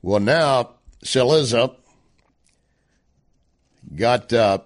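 A man's voice: mid-range voice, extremely slow. Man, radio talk host, sarcastic, rhetorical questions, commentary monologue.

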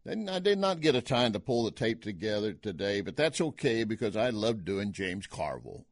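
A man's voice: on the low side, very animated, moderate pace, no echo, clean studio sound. A man hosting a political talk radio show, folksy and sarcastic, scoffing at his opponents.

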